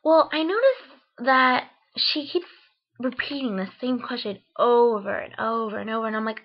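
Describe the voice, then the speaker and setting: A young woman from Ohio tells a funny story in a chatty vlog at normal speed, her voice a bit high and full of "like" and "um." She acts out her own reactions as she goes, and the recording sounds dull and lo-fi.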